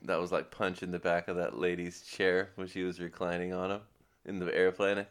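A man with a very low voice, co-hosting a laid-back podcast. He rambles through his stories, leaning on filler words as he goes. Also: little pitch movement, a little fast, smooth. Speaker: podcast co-host. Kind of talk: casual chat.

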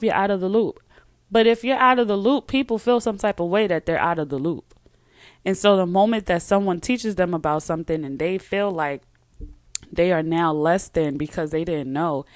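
A woman's voice: mid-range voice, dry recording, studio quality. A woman hosting a podcast, talking on her own in a chatty, emphatic way and often trailing off and starting over. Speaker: podcast host. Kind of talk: casual solo talk with a read sponsor ad.

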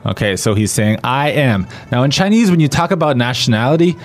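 A man's voice: mid-range voice, expressive, a little fast. A man explaining phrases conversationally in a podcast language lesson. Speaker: language teacher.

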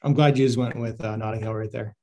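Guy on a sports podcast, mellow low tone, easygoing, lots of ums. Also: fairly even intonation. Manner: easygoing, asks questions, drawn-out fillers. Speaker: podcast co-host. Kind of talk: casual chat about baseball.

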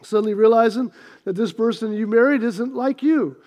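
Man, high pitch, pastor's sermon, playful, asks the congregation for responses. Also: normal speed. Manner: storytelling, lively and joking, asks the congregation to respond. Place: church sanctuary.

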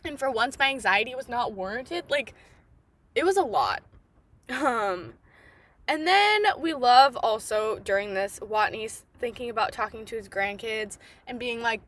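A young woman hosting her own podcast, talking through a book in an excitable, chatty way, full of "like" and casual swearing. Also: a little high, unhurried. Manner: excitable, swears freely, lots of "like". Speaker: podcast host. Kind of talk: casual solo book review.

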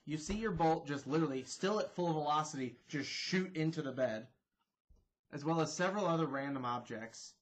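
A man's voice: a little high, lively intonation, normal speed. A man narrating as game master, playful and a bit rambling, laughing between beats.

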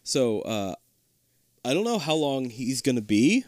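Lively, animated man on a casual podcast. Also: mid-range voice, no room sound, studio quality. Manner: animated, swearing, quick asides and laughter. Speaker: podcast co-host. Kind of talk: casual chat.

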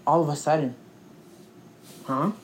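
A woman's voice: low-pitched, steady tone, measured pace, a little hiss or hum. A young woman talking in a blunt, profane, sarcastic casual chat as co-host.

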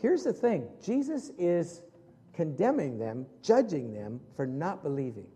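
Pastor preaching in a reverberant hall. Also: male voice, a little high, big pitch swings, a little slow, husky. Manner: conversational, asks the congregation questions, voice drops soft for prayerful moments. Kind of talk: sermon. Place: church hall with congregation.

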